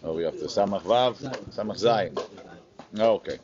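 The recording is dull, with a crowd audible in the background, as a deep-voiced man speaking at normal speed leads a Talmud class. He chants the Aramaic text, then explains it in plain English, with occasional jokes for his students.

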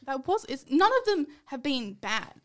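A young woman with an Australian accent chats loosely among friends, laughing as she tells her stories and swearing without a second thought. Her voice sits a little higher than most women's. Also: very animated, normal speed, a bit bright. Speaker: podcast co-host. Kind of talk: casual chat among friends.

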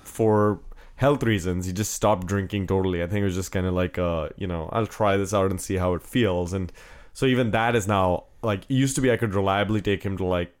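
A man's voice: deep voice, steady tone, brisk. A man with a cold, co-hosting a casual podcast chat, joking and rambling with lots of fillers. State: has a cold. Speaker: podcast co-host.

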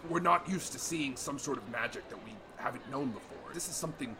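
A man's voice: mid-range voice, brisk. Man playing an ancient wary magical being. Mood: uneasy. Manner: hushed, hesitant.

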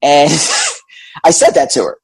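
A man in his forties, a guest telling a candid, animated personal story about meeting his wife. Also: on the high side, slow pace, gravelly, husky.

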